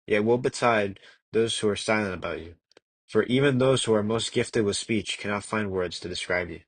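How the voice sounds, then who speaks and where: Reading an old devotional text aloud for an amateur audiobook, this young man speaks in a fairly low voice with an earnest, measured delivery and the odd stumble and restarted word. Recorded close and dry, it carries virtually no room sound.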